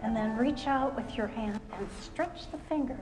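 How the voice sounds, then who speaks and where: A woman fitness instructor leading a seated exercise routine on a live stage show. She gives short, calm, step-by-step cues and keeps encouraging the audience. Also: on the high side, moderate pace. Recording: music playing under the voice. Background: background music.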